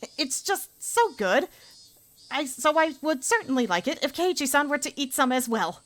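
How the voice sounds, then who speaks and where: A woman doing a prim little girl, high and bright. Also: big pitch swings, normal speed. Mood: forced cheer. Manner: prim, polite speech. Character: bratty prim little girl putting on a brave face. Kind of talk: reading a visual novel aloud.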